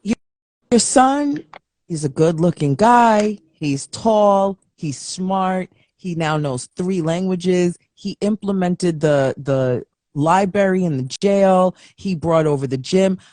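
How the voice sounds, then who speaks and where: A woman's voice: lowish voice, dark tone, no echo. Woman hosting a live show interview, supportive, lots of um and restarts, dry close sound. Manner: supportive, halting with fillers and restarts. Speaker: host of a live online show. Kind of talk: interview host talk.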